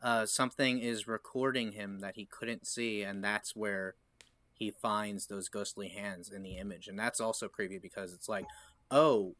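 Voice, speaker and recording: A man's voice: lowish voice, moderate pace. A man co-hosting a podcast, talking casually about horror films and acting out scenes as he describes them. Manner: animated, quotes scenes in voices. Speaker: podcast co-host. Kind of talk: casual film discussion.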